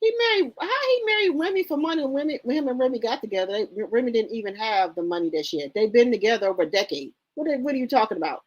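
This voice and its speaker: Sassy, high, lively woman commentator. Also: quick pace, few pauses, highs cut off. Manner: sassy, indignant, repeats herself. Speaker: gossip channel host. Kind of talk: casual commentary reading posts aloud.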